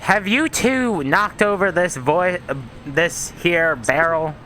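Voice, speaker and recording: A man's voice: sits high, slow pace, bright, forceful tone, slight background noise, full character voice. A man voicing a suspicious, bossy woman who accuses the players, using his own voice. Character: suspicious stern woman passenger.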